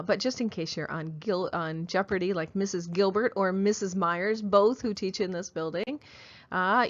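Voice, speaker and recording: A woman teacher lectures her class, walking through the assignment step by step and pausing to check in with "okay?". Her voice sits fairly low. The recording is muffled and lo-fi. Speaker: high school English teacher.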